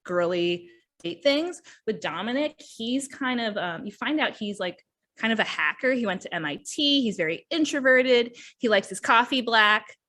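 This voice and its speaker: A woman's voice: on the high side, lively intonation, moderate pace, pushed and bright. Chatty woman hosting a book podcast. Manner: chatty, often acts out characters' lines. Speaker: podcast host reviewing books. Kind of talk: casual book review chat.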